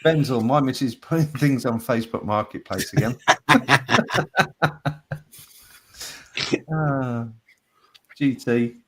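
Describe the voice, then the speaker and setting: A man's voice: medium pitch, expressive, slow pace, long pauses, fairly bright tone, slightly rough. Chuckling man reading captions. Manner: laughs often between readings. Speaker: host. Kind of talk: reading out viewer captions on a live show.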